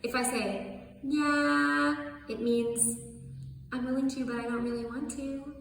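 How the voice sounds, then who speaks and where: A woman's voice: a little high, normal speed, a little hiss or hum. Woman teaching in an echoey room. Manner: animated, acts out tones on one word. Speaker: language teacher. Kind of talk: explaining lesson to camera. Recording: echoey room, far from mic.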